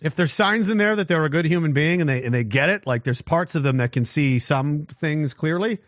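A man talking casually and giving his opinion, swinging into loud mocking voices. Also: a little high, expressive, fairly quick, no room sound, muffled recording. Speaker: commentator.

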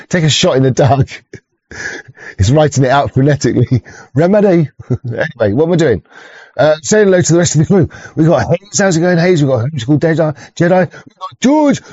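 A man's voice: medium pitch, darkish tone, no echo, highs cut off. A man hosting a rambling, casual livestream chat, swearing often, stumbling over restarts and chuckling as he greets viewers. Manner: sweary, stop-start, chuckling, greets chatters. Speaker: livestream host.

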